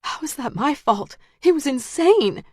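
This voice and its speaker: A woman reading the lines of a frightened young woman held at gunpoint, pitched up and pleading. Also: animated, unhurried, a little mellow, no room sound, clean studio sound. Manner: high, pleading, frantic. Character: terrified young woman facing her captor.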